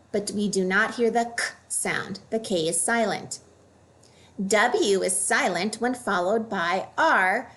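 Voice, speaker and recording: A woman teaching a phonics lesson for children, modeling each word slowly and clearly. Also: mid-range voice, a bit bright.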